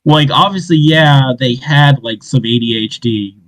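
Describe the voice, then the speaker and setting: A man's voice: medium pitch, measured pace, fairly bright tone, dry recording, low-quality recording. A man co-hosting a casual podcast, blunt and swearing. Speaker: podcast co-host.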